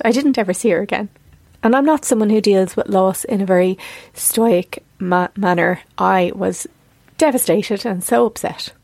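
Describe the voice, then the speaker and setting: A woman in her forties hosting a podcast, talking in an earnest, confessional monologue and quick to get emotional. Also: mid-range voice, creaky, dry recording. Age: 40s. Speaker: podcast host.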